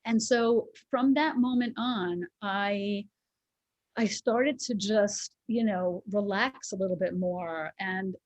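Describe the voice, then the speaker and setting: A woman's voice: medium pitch, slow, dry recording, lo-fi sound. Candid woman telling a personal story. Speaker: co-host. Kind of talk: casual chat, personal story.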